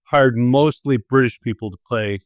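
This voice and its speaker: A man's voice: medium pitch, moderate pace, no echo. Rambling teasing male host. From southern India. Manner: rambling, teasing, many fillers. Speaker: podcast host. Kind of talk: casual podcast chat.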